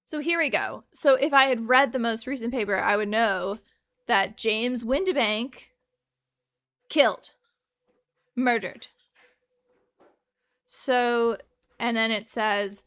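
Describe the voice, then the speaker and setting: A woman's voice: on the high side, takes it slowly, long pauses, a bit bright. Chatty woman streaming a game. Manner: chatty, joking, laughs often. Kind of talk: casual gameplay commentary.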